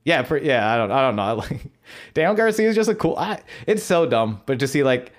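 A man from Buffalo, New York, talking casually as a podcast co-host. His voice sits at an ordinary middle pitch. He is excitable and jokey and swears freely. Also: a little fast. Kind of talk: casual chat.

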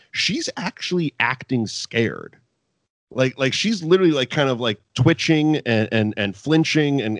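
A man's voice: mid-range voice, no room sound. A man casually recapping an old wrestling show with a co-host, swearing freely and laughing often. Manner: profane, animated, laughs often. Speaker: podcast co-host.

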